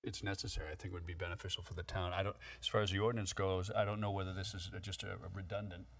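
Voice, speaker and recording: A man speaking at a town council meeting, halting and hesitant. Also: low-pitched, little pitch movement, fairly bright tone, no room sound. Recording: distant dry mic.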